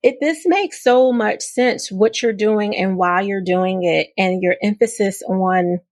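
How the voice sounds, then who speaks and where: An enthusiastic woman hosting a podcast, talking in a casual, animated way with frequent laughter. Her voice is mid-pitched and the sound is dry and close. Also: unhurried, no echo. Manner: effusive, animated, laughing often. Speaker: podcast host. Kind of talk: casual interview chat.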